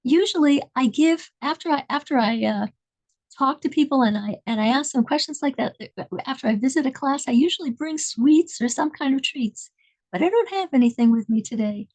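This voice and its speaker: A woman quoting a kindly elderly rabbi who talks to small children in a tender, coaxing way, his voice sitting up high. He sounds patient and affectionate as he draws the children in. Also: lively intonation, fairly quick, no echo, low-quality recording. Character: gentle elderly rabbi addressing schoolchildren.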